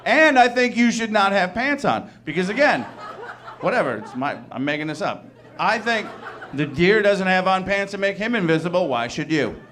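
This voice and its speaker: A man's voice: high-pitched, lively intonation, normal speed, fairly bright tone. Rambling man doing stand-up. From Wisconsin. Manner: rambling, laughs at his own jokes, switches into mock voices. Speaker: stand-up comedian. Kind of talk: stand-up comedy set. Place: comedy club stage with live audience.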